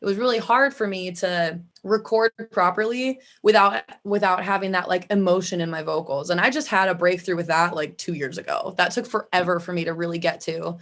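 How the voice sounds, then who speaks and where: A woman's voice: fairly low pitch, steady tone, a little fast, hardly any pauses, a bit bright. Chatty Midwestern woman vocalist. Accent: Midwestern American. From Midwest US, Chicago area. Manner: chatty, frequent "like" fillers, laughs easily. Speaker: vocalist guest. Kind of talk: casual interview chat.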